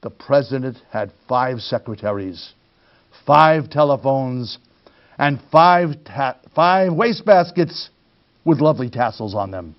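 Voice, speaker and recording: Male storytime reader, slow and expressive, gravelly, dull lo-fi recording. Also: medium pitch. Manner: expressive, addresses young listeners. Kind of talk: children's read-aloud.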